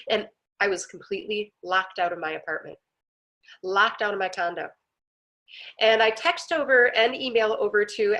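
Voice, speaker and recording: Woman telling a story for a lesson. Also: a little high. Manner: animated storyteller acting out quoted voices. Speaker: teacher of a wisdom class. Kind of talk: personal story told as a lesson.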